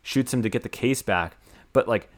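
An American man in his young adult years talks through a movie plot in loose, casual chat. He rambles with plenty of "like" fillers and restarts, at an ordinary mid pitch. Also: normal speed. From United States.

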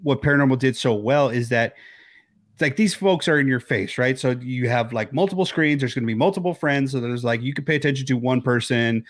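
A man's voice: mid-range voice, fairly quick, dry recording. Rambling male podcast co-host, dry sound. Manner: rambling, restarts his thoughts often. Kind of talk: casual chat. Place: home, remote recording.

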